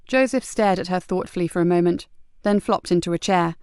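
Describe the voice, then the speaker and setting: Clear-voiced woman narrating a crime novel. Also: lowish voice, fairly quick, darkish tone, no room sound, clean studio sound. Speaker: audiobook narrator. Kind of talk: scripted narration.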